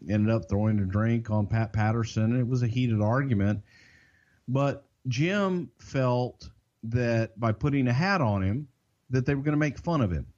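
A man with a Southern US accent, telling wrestling stories on a podcast in a drawn-out, emphatic, salty way. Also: on the low side, warm tone. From Southern United States. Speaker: podcast co-host and wrestling insider. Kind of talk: casual storytelling. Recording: dull lo-fi podcast audio.

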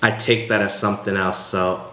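A man's voice: fairly low pitch, level tone, normal speed, fairly bright tone, slight background noise. A man in casual conversation, speaking reflectively and hesitantly, often restarting his sentences. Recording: roomy echo with faint ambience.

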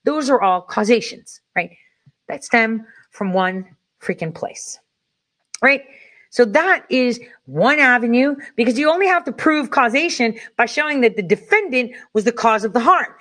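A woman delivering a heated, profane political rant, angry and rapid-fire. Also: a little high, animated, a bit bright.

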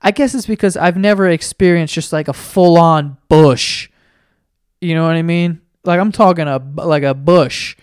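A podcast host rambles through a solo comedy bit, swearing freely and jumping between animated tangents. The voice is captured close and dry, with no room sound. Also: medium pitch, normal speed, clear, resonant tone, dry recording. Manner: rambling, profane, animated storytelling. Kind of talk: comedic monologue.

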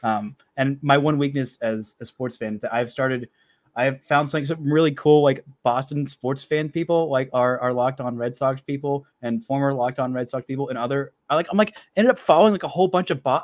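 A man's voice: medium pitch, fairly even intonation, a little fast, no room sound, studio quality. A young man hosting a podcast, chatting casually and self-deprecatingly about being a sports fan. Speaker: podcast host.

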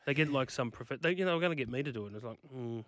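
A man's voice: mid-range voice, expressive, very fast, fairly bright tone, no echo, studio quality. A man, a guest author on a radio show, chatting casually and laughing through his stories. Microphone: studio microphone.

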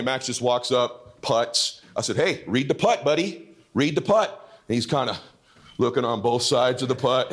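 Ein Mann, der aufgeregt und lebhaft eine Geschichte erzählt, oft flucht und immer wieder laut wird. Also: male voice, medium pitch. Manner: animated, swears freely, bursts into shouting. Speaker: father telling a story. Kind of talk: excited storytelling.

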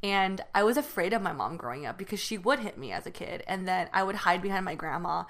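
A woman's voice: fairly low pitch, lively intonation, a bit bright. A young woman co-hosting a podcast, telling childhood stories in casual chat with lots of fillers. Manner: fast storytelling with many fillers. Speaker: podcast co-host.

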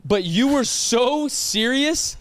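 A young man with a high, light voice hosts a casual podcast chat. He ribs his friend, laughs easily and tells stories with energy. The sound is close and dry, with no room around it. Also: slow pace, no room sound. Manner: teasing, laughs often, animated storytelling. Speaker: podcast co-host.

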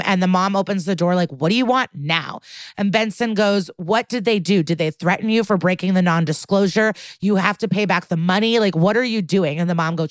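A woman's voice: mid-range voice, brisk, no room sound. A woman co-hosting a podcast, casually retelling a TV episode and laughing often. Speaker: podcast co-host. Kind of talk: casual recap chat.

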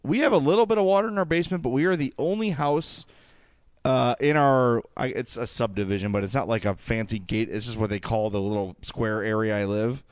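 Male podcast co-host, clean resonant voice, dry booth sound, ranty and animated. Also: mid-range voice, fairly quick, smooth, no echo. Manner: animated, ranting, jokey asides. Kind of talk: casual sports podcast chat.

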